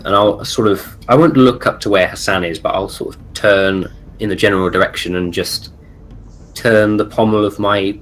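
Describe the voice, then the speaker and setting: A man's voice: on the low side, fairly even intonation, fairly bright tone, rough recording. A man playing a tabletop game, describing his moves thoughtfully with restarts. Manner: thoughtful, halting. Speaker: player.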